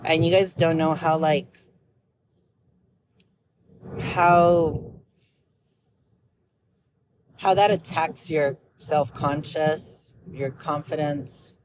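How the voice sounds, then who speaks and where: A woman's voice: low-pitched, fairly even intonation, drawn-out words, long pauses, a little mellow, slight background noise. A young woman talking candidly in a personal vlog, rambling and blunt, with lots of filler words and an emotional, confessional manner. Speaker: vlogger.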